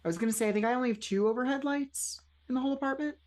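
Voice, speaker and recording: A woman's voice: high-pitched, racing, a little mellow. Chatty, rambling woman podcast co-host. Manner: chatty, rambling with many fillers. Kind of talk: casual chat.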